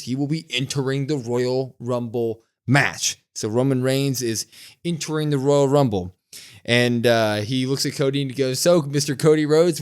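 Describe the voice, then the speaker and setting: A young man co-hosting a wrestling podcast, retelling the show in a lively, casual way and slowing down to mimic the people he quotes. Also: a little high. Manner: animated retelling, slows to mimic quoted speakers. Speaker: podcast co-host. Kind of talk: casual recap chat.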